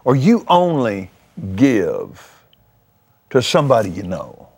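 A man's voice: mid-range voice, slow, gravelly, husky. A man who hosts a TV show and preaches in a testimony style while chatting, fervent and exclamatory. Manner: fervent and exclamatory, with sudden excited jumps.

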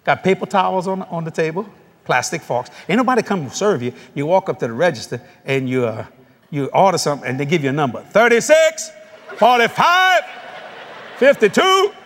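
A man's voice: on the high side, quick pace, long reverb tail. A man preaching, telling stories with laughter and mimicking the voices of others. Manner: animated, laughing storyteller who mimics voices. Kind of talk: storytelling sermon.

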